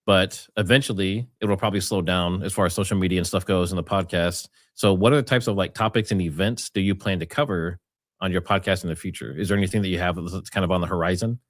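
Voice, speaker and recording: A man hosting an interview, asking questions in a brisk, conversational way. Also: deep voice, fairly even intonation, no echo, clean studio sound.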